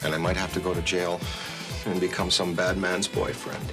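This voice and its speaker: A nervous grown man in a film scene, dreading jail, played by a man. His voice sits very deep and barely moves in pitch. A music score plays clearly beneath him. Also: level tone, moderate pace, lightly acted. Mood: worried. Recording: film clip with music behind.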